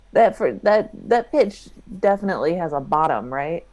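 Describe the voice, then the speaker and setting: A woman playing a tabletop game, unhurried, with dry, short replies. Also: fairly low pitch, lively intonation, darkish tone. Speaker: player.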